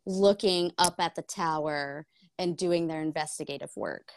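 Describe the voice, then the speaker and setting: A woman's voice: sits low, normal speed, gravelly, no room sound, clean studio sound. A young woman co-hosting a book club podcast, candid and laughing often, swearing casually. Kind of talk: casual chat.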